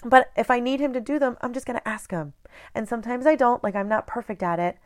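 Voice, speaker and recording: A woman's voice: a little high, fast talker. A woman in her thirties hosting a casual motivational talk, speaking in a direct, earnest and conversational way. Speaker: host.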